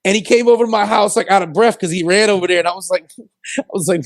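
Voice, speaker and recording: Casting: high-pitched man, dry close mic, slangy laughing storyteller on comedy radio. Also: fast talker, no room sound. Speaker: radio show co-host. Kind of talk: casual banter.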